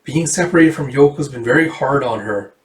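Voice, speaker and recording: A man voicing a gentle, anxious doctor while reading a comic aloud. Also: mid-range voice, fairly quick, lightly acted. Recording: roomy, distant mic.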